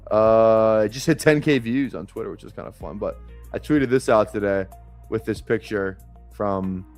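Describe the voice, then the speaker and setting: A man's voice: lowish voice, moderate pace, darkish tone, faint music behind. A man streaming fantasy football drafts live, chatting casually in a rambling way, swearing freely and chuckling often.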